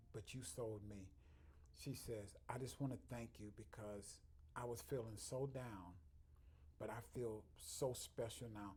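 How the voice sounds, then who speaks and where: Husky guy, chiropractor, earnest storytelling in an interview, quotes people a lot. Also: mid-range voice, a little mellow. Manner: earnest, heartfelt, often quoting others, laughing at his own stories. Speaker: chiropractor, guest.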